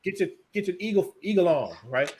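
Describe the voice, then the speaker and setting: A man's voice: high voice, animated, fairly quick, a little mellow, a little hiss or hum. A middle-aged man chatting casually on a video call, rambling, joking and laid-back.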